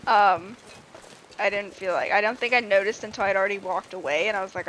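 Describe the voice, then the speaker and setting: A woman streamer talks casually while playing a game, wandering from one everyday story to another. Her voice sits at an ordinary middle pitch, loose and conversational, peppered with "like" and easy laughter. A faint background noise sits behind her. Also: fairly quick, a bit bright. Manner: rambling, chatty, laughs often, fills with "like". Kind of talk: casual chat while gaming.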